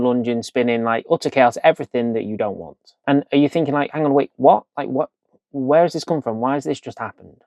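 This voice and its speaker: Guy teaching dog training, chatty and direct, dry close sound, mid pitch. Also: a little mellow, no room sound. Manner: chatty, direct, coaching tone with quick asides. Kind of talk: instructional video lesson.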